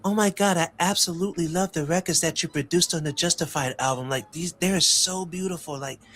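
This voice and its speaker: A man doing an impression of a famous soft-spoken male pop star, with a breathy, gushing delivery. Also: fairly high pitch, a little fast, a little hiss or hum, voice pushed up, close to an everyday voice.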